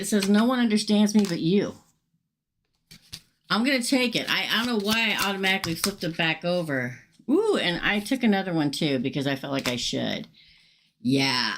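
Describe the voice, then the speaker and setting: Chatty woman with lively pitch. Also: a little hiss or hum. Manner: chatty, upfront, talks straight to viewers and reads chat aloud. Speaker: tarot reader hosting a livestream. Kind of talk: casual live tarot reading.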